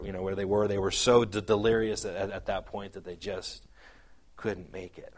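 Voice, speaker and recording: A man preaching a sermon, earnest and halting, often repeating words as he explains scripture and reads old-style verses aloud. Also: medium pitch. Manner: reads scripture aloud in King James wording. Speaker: pastor.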